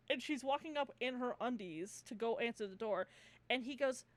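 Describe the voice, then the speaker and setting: A woman's voice: a little high, moderate pace, dry recording. A young woman co-hosting a casual chat, retelling a movie plot, laughing often, swearing freely and acting out the characters' lines. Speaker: podcast co-host.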